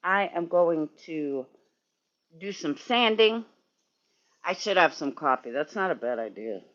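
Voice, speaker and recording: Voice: medium pitch, lively intonation, measured pace, a bit bright, muffled recording. A sleepy, yawning streamer rambling and swearing in casual chat with viewers while working in a garage. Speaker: livestreamer.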